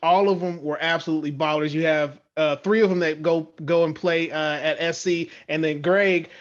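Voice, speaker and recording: A somewhat high-voiced male podcast host talks in an easygoing, chatty way. The sound is a little dull and lo-fi, and his speech flows freely. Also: fairly even intonation, moderate pace. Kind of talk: casual interview.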